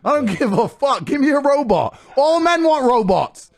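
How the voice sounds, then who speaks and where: A man's voice: extremely high pitch, big pitch swings, moderate pace. A man ranting in a brash, combative and mocking way, with a lot of swearing. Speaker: media personality. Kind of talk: brash profane rant.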